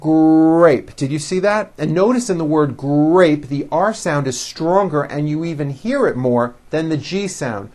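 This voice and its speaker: A man teaching English pronunciation, drilling words slowly and over-enunciating each sound for the listener to repeat. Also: fairly high pitch, lively intonation. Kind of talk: slow, careful drill teaching.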